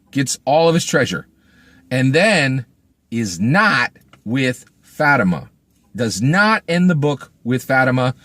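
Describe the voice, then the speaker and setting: Speaking in a fairly high voice with no room sound, a man gives an informal spoken book review. He keeps tossing in "right?", stays emphatic, and animatedly performs the quoted lines.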